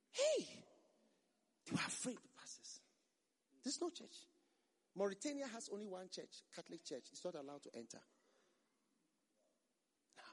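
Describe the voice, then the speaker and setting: A male pastor with a high, husky voice delivers an emphatic sermon, hammering lines home by repeating them. His voice rings out with a long reverb, as if in a large church hall. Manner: emphatic, repeats phrases for force.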